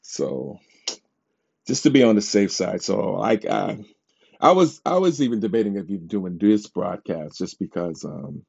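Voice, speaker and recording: A man hosts his own podcast and tells stories in a loose, animated, self-dramatizing way, often breaking into laughter. His voice sits low and carries a gravelly, mellow tone. The recording sounds dull and lo-fi. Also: a little slow. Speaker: podcast host. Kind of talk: casual storytelling monologue.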